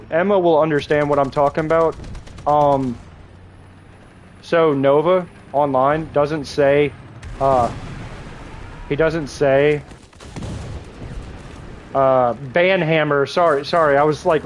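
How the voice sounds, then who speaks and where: Young guy streaming a game, kinda high voice, crude jokes, rambly chat with viewers. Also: steady tone, slow, long pauses, a little hiss or hum. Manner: crude, joking, chats with viewers while playing; rambling with frequent restarts and laughter. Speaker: livestreamer. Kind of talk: casual gaming livestream chat.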